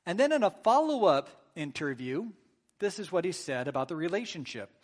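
A man's voice: sits high, big pitch swings, fairly quick, darkish tone. A man preaching a sermon in a conversational way, often checking in with "right?" and acting out sample apologies. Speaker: pastor.

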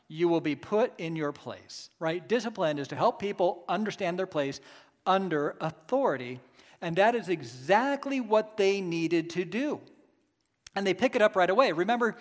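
A man's voice: sits high, in a large hall. A man preaching a sermon with emphatic, rhetorical asides to his congregation. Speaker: pastor.

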